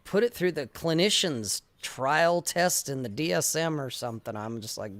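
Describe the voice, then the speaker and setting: A man with a somewhat high voice talks as a podcast guest, emphatic and full of swearing. The recording is dry and close to the mic. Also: expressive, normal speed, hardly any pauses, a bit bright, dry recording. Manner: profane, emphatic, ranting. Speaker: guest writer. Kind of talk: casual chat.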